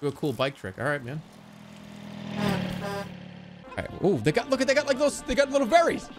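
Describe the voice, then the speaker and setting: A man chatting casually on a livestream, rambling and incredulous, quick to get worked up. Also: high voice, huge pitch swings, loud music behind the voice. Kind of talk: casual stream chat.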